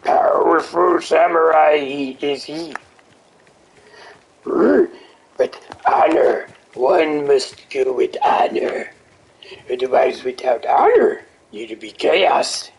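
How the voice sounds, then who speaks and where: A man voicing a wise, tiny old alien master who speaks slowly with words in reversed order. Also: fairly high pitch, expressive, vocal fry, slightly rough, heavily acted, poor audio. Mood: solemn.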